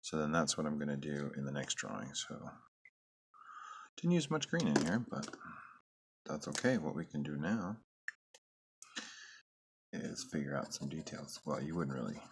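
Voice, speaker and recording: A man with a very low, gravelly voice gives loose drawing commentary, thinking out loud as he works. He rambles and cracks self-deprecating jokes. A faint hiss sits under the voice. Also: sing-song, moderate pace, long pauses. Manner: rambling, musing to himself; joking, self-deprecating asides. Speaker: artist drawing on camera.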